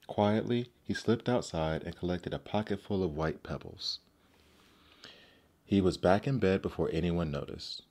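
A man narrating classic fairy tales aloud in a measured, gentle storybook manner. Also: low-pitched.

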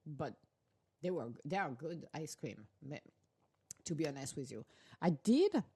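A woman hosts a relaxed, rambling chat while she eats. Her voice sits low, and she laughs easily as she drifts from one thought to the next. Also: unhurried, breathy edge. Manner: chatty, rambling, laughs often. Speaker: podcast host. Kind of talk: casual chat while eating.

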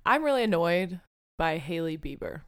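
A young woman talks through a casual solo podcast in a lowish, smooth voice. She rambles candidly, pokes fun at herself and swears freely. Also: sing-song, normal speed. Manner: candid, rambling and self-deprecating, with frequent swearing. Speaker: podcast host.

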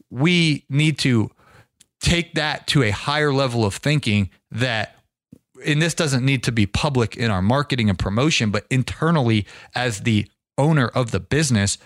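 A middle-aged man talks straight to his listeners as a podcast host and business coach, energetic and folksy. He often repeats words as he restarts a thought. His voice sits at an ordinary pitch in a dry, dead-sounding space. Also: no room sound. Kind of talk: casual podcast monologue.

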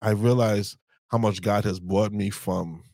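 A man co-hosting a casual podcast chat about marriage, a relaxed storyteller who acts out past conversations. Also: on the low side, a little slow, gravelly, no room sound. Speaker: podcast co-host.

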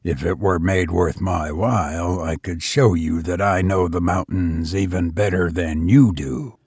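A man voicing a crafty storybook jailer who talks quietly and in a measured way. The voice is very deep and slow, with a husky edge. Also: fairly even intonation, dry recording, clean studio sound, exaggerated voice. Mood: sly. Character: cautious, crafty male castle jailer.

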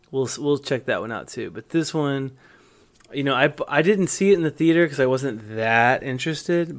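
A man at a middle pitch gives a long, opinionated take on a film. He stays steady and unhurried, pausing now and then as he thinks. The tone is that of easy podcast talk. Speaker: podcast co-host. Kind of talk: casual movie review chat.

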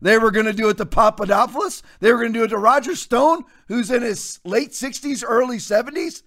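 A man's voice: very high-pitched, brisk, few pauses, a bit bright. A man hosting a political commentary show, talking in an emphatic, mocking way with folksy asides. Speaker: host.

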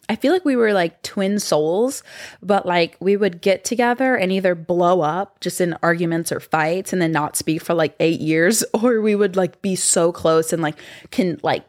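A woman's voice: lowish voice, no room sound, studio quality. A woman in her twenties, hosting a podcast and telling stories in a chatty way with lots of fillers. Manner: chatty, heavy use of "like". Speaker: podcast host. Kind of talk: casual storytelling.

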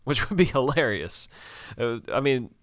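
Co-hosting a casual TV recap podcast, this man talks loosely with lots of fillers, restarts and frequent laughs. His medium-pitched, fairly bright voice swings widely in pitch at a normal speed, captured in clean studio sound with no room echo.

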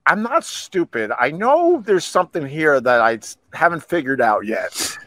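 A man's voice: on the high side, moderate pace, no room sound. An older man hosting a casual livestream, joking and laughing with his co-hosts. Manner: animated, laughing, teasing. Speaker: livestream host.

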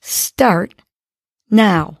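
Calm lady leading a kids breathing exercise, really slow, dry close sound. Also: medium pitch, vocal fry, dry recording. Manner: calm, slow, encouraging instruction. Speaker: host of a morning mindfulness segment. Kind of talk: guided breathing lesson for kids.

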